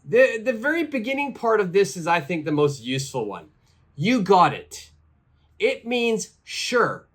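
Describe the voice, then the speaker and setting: A man teaching an English lesson at an unhurried pace. His voice sits a little high and moves a lot in pitch. He says each phrase clearly and repeats it so learners can follow.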